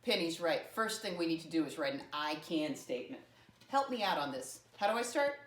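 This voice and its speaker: A woman's voice: expressive, far from the mic. Cheerful teacher woman in an echoey classroom. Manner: slow, spelled-out teacher talk with playful pitch leaps. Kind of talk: early-grade math lesson. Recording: roomy sound from off-mic.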